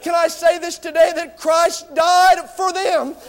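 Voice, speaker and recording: Fervent preacher shouting, very high voice. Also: male voice, level tone, a little slow. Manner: fervent, repeats rhetorical questions to the congregation. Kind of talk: shouted sermon. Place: church.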